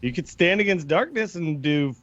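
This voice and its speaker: A man's voice: a little high, animated, moderate pace, a bit bright, no echo, muffled recording, faint music behind. A man co-hosting a podcast, chatting casually and pragmatically, often acting out quotes. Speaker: podcast co-host. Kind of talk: casual chat.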